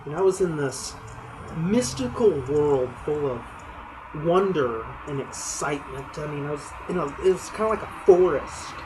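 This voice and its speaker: A man delivering a rambling comic monologue for his fantasy league's weekly roast, telling crude jokes in a low-key, deadpan way. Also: moderate pace, noisy background.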